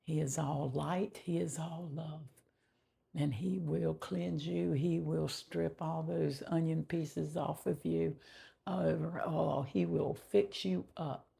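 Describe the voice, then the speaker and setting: Gravelly, husky woman sharing testimony. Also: low voice, fairly even intonation, warm tone. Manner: slow and heartfelt, often dropping to a whisper. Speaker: testimony vlogger. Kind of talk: personal faith testimony.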